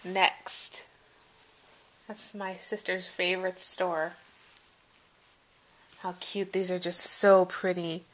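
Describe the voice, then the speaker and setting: Slow-talking woman gushing over gifts. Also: a little hiss or hum. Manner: gushing, voice jumps high when excited. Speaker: vlogger showing a gift package. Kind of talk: casual unboxing chat.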